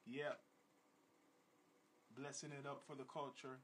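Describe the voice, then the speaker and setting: A man hosting a podcast in casual chat, with laid-back slang and repeated shout-outs to his listeners. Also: medium pitch, flat delivery, slow pace, slight background noise. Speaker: podcast host.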